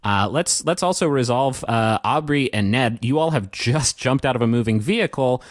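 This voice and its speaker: A man's voice: mid-range voice, expressive, normal speed, no room sound, studio quality. A man narrating a tabletop game as game master, rambling with frequent hesitations. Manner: rambling, full of fillers and restarts.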